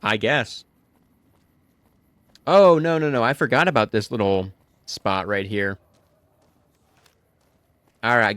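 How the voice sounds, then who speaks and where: A man's voice: on the low side, slow pace, long pauses, fairly bright tone, no echo, clean studio sound. A man streaming a video game, joking and talking to himself in casual commentary.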